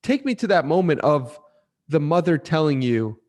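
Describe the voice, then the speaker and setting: A man hosts a podcast and asks his questions earnestly, affirming his guest as he goes. His voice sits somewhat high for a man. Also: big pitch swings, normal speed, darkish tone. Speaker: podcast host. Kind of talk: interview questions.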